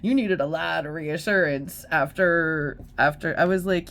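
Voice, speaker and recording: A woman's voice: sits low, unhurried, fairly bright tone. A middle-aged woman host telling a story in a casual, profane, chatty way, full of fillers and laughs. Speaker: vlogger host.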